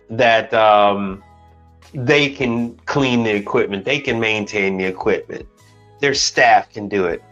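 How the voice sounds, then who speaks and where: On a lo-fi recording, a livestream host from Chicago with a medium-pitched, slightly bright voice tells stories bluntly. He swears a lot and acts out the dialogue in this casual stream.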